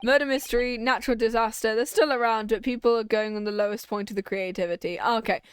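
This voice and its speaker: A woman's voice: fairly high pitch, fairly even intonation, fast, clear, resonant tone, dry recording, clean studio sound. A young woman streamer chatting casually while she plays a game, rambling, giggling and easily sidetracked. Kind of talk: casual let's-play chat.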